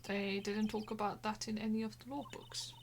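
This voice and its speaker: A woman's voice: mid-range voice, little pitch movement, normal speed, slight background noise, close to an everyday voice. A woman voicing a flustered young male defense lawyer, reading game dialogue aloud and stammering. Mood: dry exasperated. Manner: exasperated, stammering.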